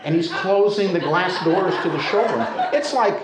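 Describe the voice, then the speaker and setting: Animated and humorous, an older American man shares a personal story with a live audience at normal speed, his style loose and chatty. His somewhat high male voice echoes clearly through the storytelling center's hall.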